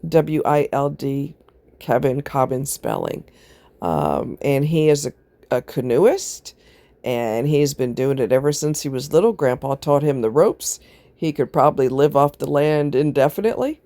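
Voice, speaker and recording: A woman's voice: very deep voice, expressive, a little slow, dark tone, no echo. A woman chatting casually to camera, rambling from one aside to the next and often laughing. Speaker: vlogger. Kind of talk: casual chat.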